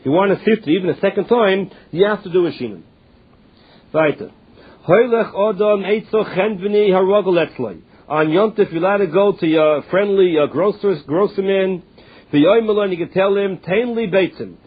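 Reading Talmud lines aloud and then explaining them in English, a man teaches his class at a normal pace. His voice is high-pitched with a breathy edge, he restarts often, and the recording sounds tinny, as if over a phone.

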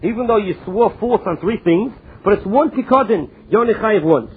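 High-voiced man teaching Talmud, tinny sound. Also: animated, slightly rough. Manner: reads Aramaic text slowly, then explains in English. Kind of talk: Talmud study lecture. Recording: tinny phone-like lo-fi recording.

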